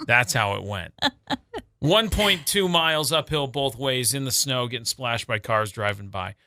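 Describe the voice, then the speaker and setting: Animated radio co-host man, bright voice. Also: mid-range voice, measured pace, dry recording. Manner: animated storyteller, acts out voices in quotes. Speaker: radio morning show co-host. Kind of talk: casual on-air banter.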